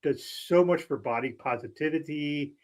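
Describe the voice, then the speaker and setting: A man co-hosting a podcast in casual chat, animated and laughing often as he wanders onto tangents. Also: fairly high pitch, moderate pace. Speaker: podcast co-host.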